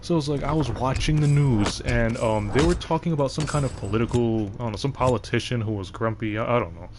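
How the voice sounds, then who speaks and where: A young man with a deep voice, chatting casually on a game livestream and rambling from thought to thought with frequent restarts. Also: fast talker, background noise. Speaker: game streamer.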